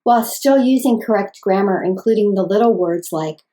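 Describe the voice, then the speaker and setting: A woman speech-language pathologist giving calm, clear, scripted instructions for parents. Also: mid-range voice, moderate pace.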